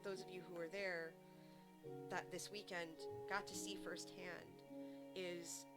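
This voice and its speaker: A woman's voice: lowish voice, measured pace. Chatty woman streamer over background music. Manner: chatty, animated storytelling. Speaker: game streamer. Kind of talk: casual chat. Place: home streaming setup.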